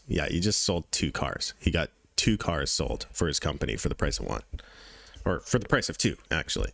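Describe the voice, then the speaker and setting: Low-voiced blunt man talking crypto charts. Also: very animated, normal speed, gravelly, fairly bright tone, no room sound, clean studio sound. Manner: blunt, profane, repeats points for emphasis. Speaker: crypto trading channel host. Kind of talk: casual market commentary over charts.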